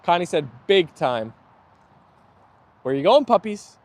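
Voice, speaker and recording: A man's voice: high voice, sing-song, takes it slowly, a little mellow. A young man hosting a live stream outdoors, chatting easily and reading viewer comments aloud while his dogs play. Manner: chatty and easygoing, laughs often. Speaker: livestream host.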